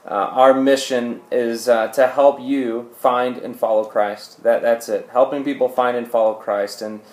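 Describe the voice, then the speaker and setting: A man's voice: mid-range voice, steady tone, a little slow, a little mellow. A man who is a pastor, teaching scripture in a sermon. He talks earnestly, explains each point and uses frequent "uh" fillers. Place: church sanctuary. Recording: echoey church hall.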